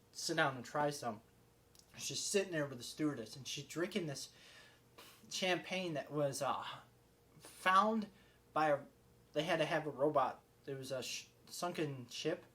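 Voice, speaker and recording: Guy doing a casual movie review vlog, kinda high voice, rambling and excitable, lots of ums and restarts. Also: moderate pace.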